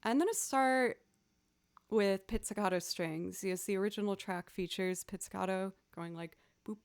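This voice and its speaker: A woman's voice: mid-range voice, normal speed, vocal fry. A woman livestreaming as a musician, chatting casually, thanking viewers and humming beats aloud. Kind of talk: casual live stream chat.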